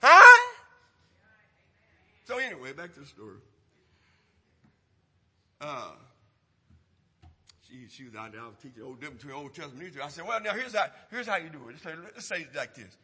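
A preacher tells a folksy story in his sermon and rises to loud, emphatic points in the church. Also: fairly high pitch, wildly swooping pitch, a little fast, long pauses, slightly rough, big-room sound. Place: church sanctuary.

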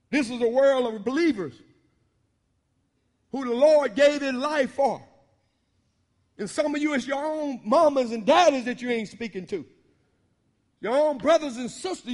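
A male pastor preaches in a church sanctuary, talking in a colloquial, animated way and teasing his congregation. His voice is very high for a man. The sound rings with a long hall reverb. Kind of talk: sermon.

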